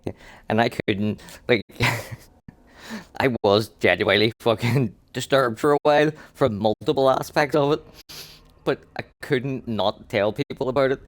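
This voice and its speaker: A man's voice: mid-range voice, a little slow, no room sound. Profane storytelling male game streamer. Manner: profane, animated anecdote telling. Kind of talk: profane storytelling while gaming.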